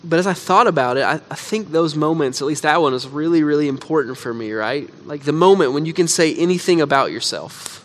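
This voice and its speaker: A man's voice: on the high side, expressive, fairly quick, hardly any pauses. Conversational man preaching a sermon. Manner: conversational storytelling with frequent "like". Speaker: pastor.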